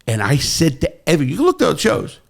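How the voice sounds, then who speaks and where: A middle-aged man hosting a podcast, telling stories in casual chat and jumping to loud, high quotes. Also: fast talker, vocal fry. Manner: animated storyteller, jumps to loud high quoting. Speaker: podcast host.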